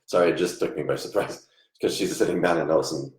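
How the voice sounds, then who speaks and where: A man giving a live online psychic reading, soft-spoken and halting, often trailing off quietly. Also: a bass voice. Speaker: psychic medium. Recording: echoey room.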